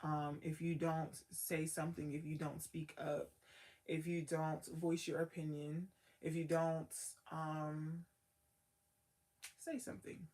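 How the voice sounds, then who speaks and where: A woman's voice: low-pitched, flat delivery, slow pace, darkish tone. A woman giving a casual tarot card reading as the reader, talking in a loose, slangy way full of "like" and trailing thoughts.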